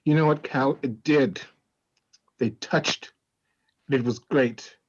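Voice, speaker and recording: A hesitant young woman, played by an actor in an improvised stage comedy. She talks sheepishly at a middle pitch. The sound is dull and muffled. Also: slow pace, husky. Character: young woman fleeing an engagement.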